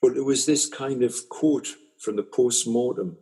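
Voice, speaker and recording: A man's voice: mid-range voice, unhurried, mellow, slightly rough. A man hosting a casual chat, reflecting conversationally and stammering on his restarts.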